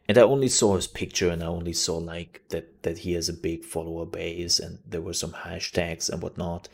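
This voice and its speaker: A man hosting a live stream, chatting casually and rambling, with many fillers and restarts. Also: low voice. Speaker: streamer and news show host.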